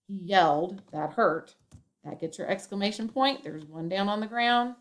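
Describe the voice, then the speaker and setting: A woman's voice: mid-range voice, measured pace. A woman teacher giving a classroom grammar lesson, explaining step by step and acting out example sentences with emphasis.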